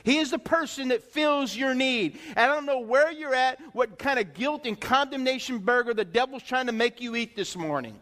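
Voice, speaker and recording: Male pastor, high voice, emphatic sermon delivery with rhetorical questions, long sanctuary reverb. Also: normal speed, hardly any pauses, fairly bright tone. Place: church sanctuary. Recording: long reverb in a church hall.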